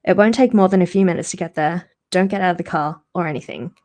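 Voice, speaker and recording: A woman's voice: lowish voice, fast, a little mellow, natural voice. Woman reading a tense young man on a phone. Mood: strained.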